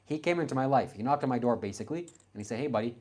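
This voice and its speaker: A man's voice: medium pitch, lively intonation, rapid-fire, a little mellow. A young man from Canada in his late teens, answering his livestream chat in a blunt, confrontational, self-assured way.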